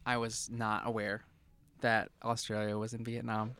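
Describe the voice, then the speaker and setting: A young man co-hosting a casual podcast, laid-back and laughing, with drawn-out asides. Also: lowish voice, monotone, fairly bright tone, clean tone. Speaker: podcast co-host. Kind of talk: casual chat.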